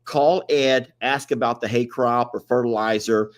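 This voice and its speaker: A man's voice: mid-range voice, steady tone, unhurried. A man, co-hosting a live stream in a rambling, chatty way and laughing often. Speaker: livestream co-host. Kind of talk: casual chat.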